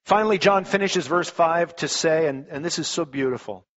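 A man preaching a sermon in a loose, conversational way. His voice sits a bit high, and he often stumbles and restarts as he tells stories. The recording sounds muffled and lo-fi. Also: moderate pace. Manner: conversational, animated storytelling, frequent restarts. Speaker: pastor. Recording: dull lo-fi recording.

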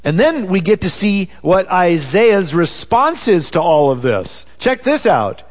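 A man's voice: sits high, very animated, measured pace. A man preaching a sermon in a conversational way, peppered with "you know.". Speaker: pastor. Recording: dull sound with long reverb.

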